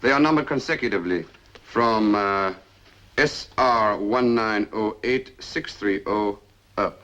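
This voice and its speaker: A man's voice: on the low side, a bit bright. Man, French accent, formal police officer, dull lo-fi sound. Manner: formal, deliberate.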